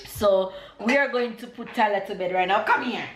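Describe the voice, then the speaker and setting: A woman's voice: medium pitch, moderate pace, echoey room, very noisy. A woman with a Jamaican accent, vlogging casually from her home kitchen and teasing her partner. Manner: chatty, teasing, playful.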